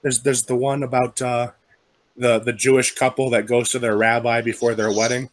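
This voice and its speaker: A man's voice: mid-range voice, level tone, no room sound. A man telling long jokes in a casual group chat, moving easily through the setups. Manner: smooth storyteller, quick voice changes for quoted characters. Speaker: podcast regular telling jokes.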